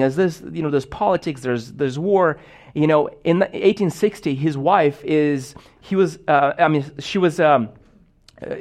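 A young man delivers a sermon as if chatting with friends, looping through stories with plenty of "like" and false starts. His voice sits a little higher than most men's. He talks loosely and conversationally rather than in a formal pulpit manner. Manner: casual storytelling with many fillers. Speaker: pastor.

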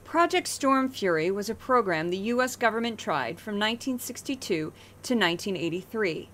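A woman hosting a podcast, giving chatty, wry commentary on news clips with animated asides. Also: mid-range voice, moderate pace, a little hiss or hum. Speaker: podcast host. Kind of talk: casual commentary.

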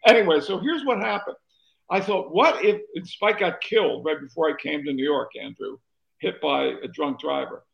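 Gravelly older man telling rambling stories. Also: a little high, lively intonation, normal speed, fairly bright tone, muffled recording. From North Carolina, USA. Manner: rambling anecdotal storyteller, restarts often. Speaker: author and former talk show host. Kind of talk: interview guest telling stories.

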